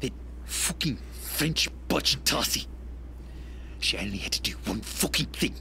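A man's voice: medium pitch, lively intonation, measured pace, creaky, sharp tone, a little hiss or hum, heavily acted. An actor playing a man losing his mind, muttering in broken half-whispered phrases. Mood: muttering, unhinged.

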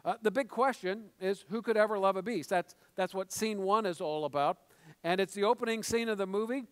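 A middle-aged male pastor delivers a sermon in a fairly high voice. He talks conversationally, with joking asides and stumbled restarts. The sound carries the long reverb of a church hall. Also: a little fast, fairly bright tone, clear, resonant tone. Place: church sanctuary.

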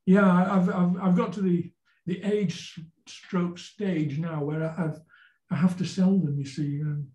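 An older man in his seventies from Yorkshire, England, a folk singer-songwriter appearing as a guest, tells anecdotes in a casual interview. His mellow, dark, fairly high voice is fairly even and a little slow, and he rambles, stumbling over repeated words before reaching the point. The room is echoey.

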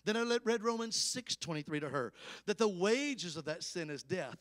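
A Southern evangelist in his fifties with an Alabama accent and a fairly high voice, telling stories from the pulpit. His delivery is emphatic and folksy, with frequent calls out to the congregation. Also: very animated, moderate pace, fairly bright tone. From Alabama, USA. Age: 50s. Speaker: evangelist preacher. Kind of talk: storytelling sermon.

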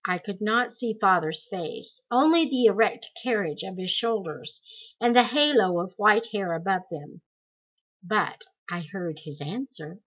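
A woman reading a memoir aloud in slow, deliberate storytelling. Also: medium pitch, expressive, fairly bright tone, husky, dull audio. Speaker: audiobook reader.

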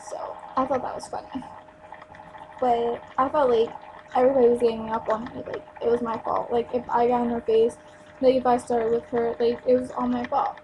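A woman's voice: fairly high pitch, level tone, a little fast. A young woman from New Jersey venting bluntly into her webcam at home, emphatic and swearing freely. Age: young adult. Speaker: store clerk venting on a vlog. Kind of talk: casual webcam rant. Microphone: built-in webcam mic. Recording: noisy webcam recording.

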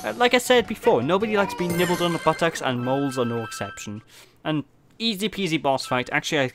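A man's voice: on the high side, very animated, fast. A man from Wales giving casual, rambling gameplay commentary with self-mocking jokes. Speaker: let's play host. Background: game music.

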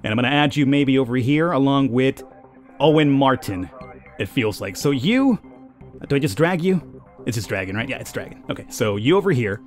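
A man's voice: medium pitch, animated, normal speed, faint music behind. A man hosting a casual let's-play, chatting and rambling as he plays and laughing easily. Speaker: gaming YouTuber.

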